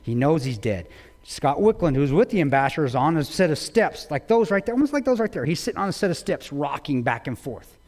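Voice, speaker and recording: A man giving a talk to an audience, telling a war story with intensity, swinging between loud bursts and hushed low lines. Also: very animated, fairly quick. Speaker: guest speaker. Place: large auditorium. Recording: long hall reverb.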